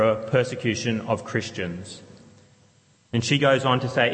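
A pastor delivers his sermon in an earnest, measured way, often repeating short phrases and posing questions to the congregation. His voice sits at an ordinary middle pitch. The sound carries a long reverb, as in a large church. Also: fairly bright tone. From Australia.

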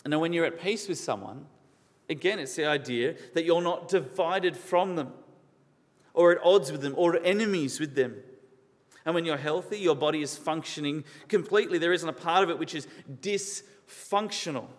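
A man's voice: fairly high pitch, moderate pace. A man preaching a sermon in an earnest, questioning way, repeating key words for emphasis. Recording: long reverb of a large hall.

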